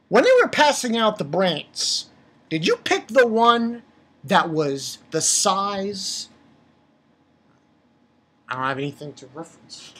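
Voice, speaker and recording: A woman's voice: medium pitch, breathy edge. A woman reviewing manga chapters in a casual, profane, exasperated rant. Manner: exasperated, profane, heated outbursts.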